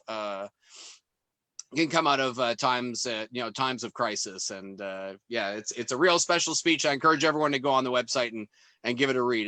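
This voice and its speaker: A man's voice: medium pitch, sharp tone. A man who is a museum historian, talking in a casual, hesitant way with lots of fillers and restarts. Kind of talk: casual expert discussion.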